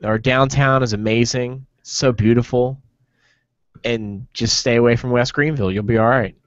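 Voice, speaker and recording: A man's voice: mid-range voice, steady tone, normal speed, dry recording, dull audio. A man from New Jersey hosting a casual podcast, telling rambling jokey stories with many fillers. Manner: rambling storyteller, joking, lots of fillers. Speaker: podcast host. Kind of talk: casual chat.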